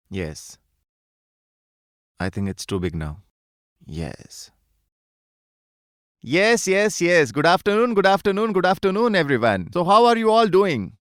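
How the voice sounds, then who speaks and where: Lively, high-voiced male teacher. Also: smooth, no echo, clean studio sound. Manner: chatty, repeats greetings and checks often. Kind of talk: live online class.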